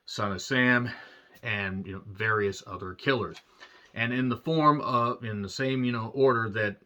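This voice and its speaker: A man giving a casual, rambling film review, swearing freely and clearing his throat often. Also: on the low side, bright, forceful tone. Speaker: movie reviewer. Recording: dull lo-fi recording.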